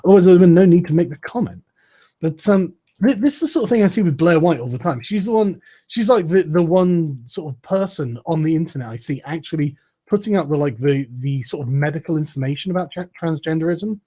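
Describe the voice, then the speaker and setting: A man's voice: fairly high pitch, animated, brisk, warm tone, breathy edge. A man in casual, profane podcast chat, laughing often and mocking with sarcastic put-on quotes.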